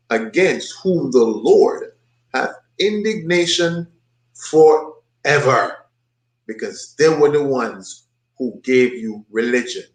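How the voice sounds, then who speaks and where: Emphatic preaching man in an echoey room. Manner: emphatic, mocking, repeats points with rising pitch. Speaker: bible study teacher. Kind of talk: preaching commentary on a played video.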